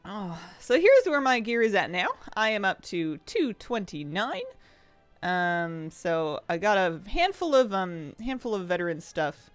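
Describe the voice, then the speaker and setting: Female game streamer, casual chatty delivery with an animated lilt, dry close sound. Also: a little slow, dry recording, faint music behind. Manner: chatty, laughs often, lively rising and falling pitch. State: out of breath. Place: home office.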